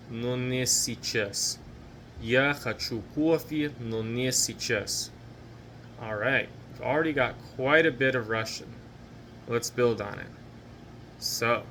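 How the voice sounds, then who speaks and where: Bright-voiced, patient male language teacher. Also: medium pitch, a little hiss or hum. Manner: patient, slow drilled repetitions of each phrase; encouraging. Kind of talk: recorded language lesson.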